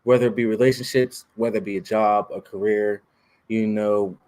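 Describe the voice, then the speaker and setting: A man's voice: fairly low pitch, steady tone, normal speed, a little mellow. A man who is an artist, speaking as a guest in a casual podcast interview. He talks in a laid-back, reflective way and laughs easily.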